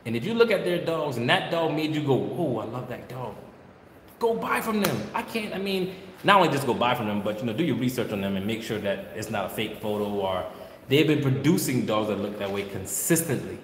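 A man's voice: medium pitch, expressive, quick pace. A man who breeds dogs, talking casually and bluntly, scolding viewers and repeating his points. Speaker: dog breeder. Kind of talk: casual vlog talk. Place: kennel with dogs barking behind. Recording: echoey room, noisy background.

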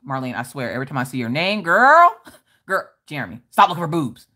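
A woman hosting a casual crafting livestream from her desk at home, reading out viewer comments in a loud, bawdy, joking way and laughing often. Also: sits low, sing-song, fairly quick. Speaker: livestream host.

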